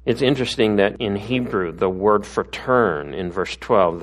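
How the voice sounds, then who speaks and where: A middle-aged man giving a conversational sermon as a pastor, often tossing in tag questions. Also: on the low side.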